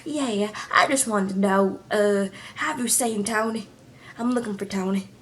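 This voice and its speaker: A woman imitating a middle-aged woman with a deep smoker's voice, hushed and menacing. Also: a little slow, a little hiss or hum, close to an everyday voice. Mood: sheepish.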